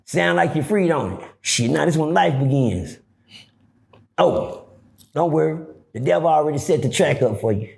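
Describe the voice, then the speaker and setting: A middle-aged man telling a story casually, profane and animated, acting out the dialogue. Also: fairly high pitch, moderate pace, gravelly. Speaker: guest storyteller.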